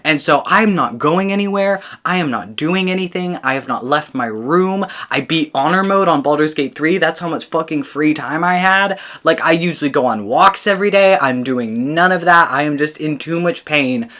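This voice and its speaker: British man, brightly forceful voice, swearing and laughing through a storytime vlog. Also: fairly high pitch, animated, normal speed, hardly any pauses. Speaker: vlogger.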